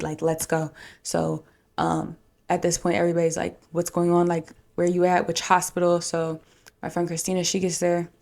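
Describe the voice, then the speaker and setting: A young woman podcast host telling a deeply personal story in a rambling, emotional way, full of "like" fillers. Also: vocal fry.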